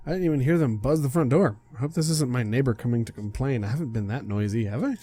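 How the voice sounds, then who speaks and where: A man's voice: mid-range voice, quick pace, few pauses, dark tone. A young man casually reading a visual novel aloud, stumbling and correcting himself as he goes. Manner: casual, stumbles over words, laughs and self-corrects. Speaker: game streamer reading aloud.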